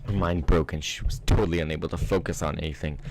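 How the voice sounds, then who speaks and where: A man's voice: a bass voice, fast, background noise. A man narrating a fan-fiction story aloud, reading steadily with the odd slip. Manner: steady read-aloud with small slips. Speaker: reader.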